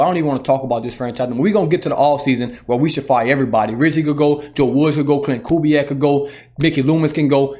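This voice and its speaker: A man's voice: fairly high pitch, a little mellow. A man hosting a sports channel, ranting heatedly as a fan and swearing often, repeating his points. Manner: heated, profane, repetitive ranting. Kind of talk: solo fan rant.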